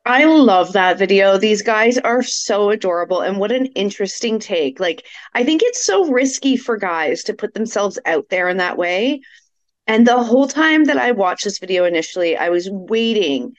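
A woman's voice: medium pitch, lively intonation, normal speed, no echo. A woman co-hosting a podcast, sharing her views in an earnest, reflective way. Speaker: podcast co-host. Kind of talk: casual podcast chat.

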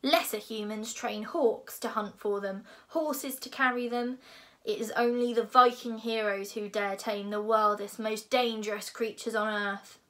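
A woman voicing a huge, loud male Viking drill instructor who barks orders, as a storybook reading. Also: on the high side, fairly even intonation, a little slow. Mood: bellowing. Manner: bellowing, commanding.

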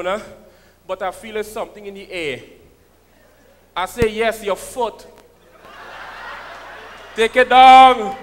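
A man's voice: very high-pitched, fairly bright tone, clear, resonant tone. A man with a Trinidadian accent doing a stand-up comedy set, telling stories with quoted voices and punchy delivery. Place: comedy stage in a hall. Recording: live stage with long hall reverb.

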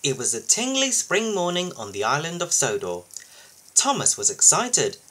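A man reading a children's picture book aloud for his video channel, expressive and lively. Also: fairly high pitch, moderate pace, rough recording. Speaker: YouTube storybook reader.

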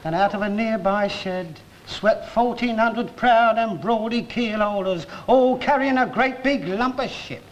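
Hapless little working man, very high and unhurried voice, telling a mock-grand tale; noisy old sitcom recording. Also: highs cut off. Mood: rambling. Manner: slow, wide-eyed storytelling with comic mock-grandeur. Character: small, hapless working-class man spinning a grand rambling yarn. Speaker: sitcom lead. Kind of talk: 1960s television sitcom acting. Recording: old TV recording, loud studio audience laughter. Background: roaring studio audience laughter.

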